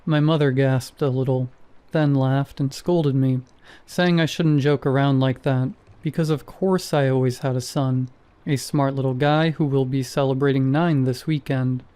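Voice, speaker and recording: A man narrating a first-person horror story in a measured, scripted way. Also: mid-range voice, fairly even intonation, mellow, clean tone, no room sound.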